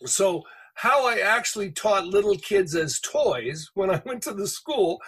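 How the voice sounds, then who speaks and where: A man with a high, breathy-edged voice tells a heartfelt personal testimony. He is an earnest podcast guest who speaks at an unhurried, drawn-out pace. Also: lively intonation, fairly bright tone, rough recording.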